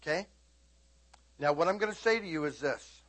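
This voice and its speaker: A middle-aged man preaches in a lively, storytelling way, speaking straight to his congregation. His voice sits high and swoops widely. It has a husky edge and keeps rising into shouts. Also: normal speed. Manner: animated, shouting and laughing, talks to the audience.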